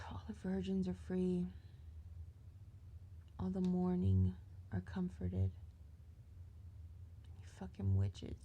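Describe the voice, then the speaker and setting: A woman's voice: lowish voice, gravelly, dark tone, slight background noise. A tired woman venting in a rambling, profane rant that often drops to a whisper.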